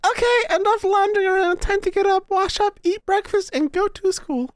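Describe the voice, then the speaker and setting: A woman voicing a cheerful schoolgirl who wakes her friend in a game, speaking in a bright, brisk and bossy way. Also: very high-pitched, no echo, studio quality, pitched above the performer's own voice.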